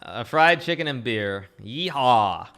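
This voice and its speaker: A man's voice: medium pitch, expressive, slow, music in the background. A man putting on the voice of a folksy, brash American southerner with an exaggerated drawl. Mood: joking.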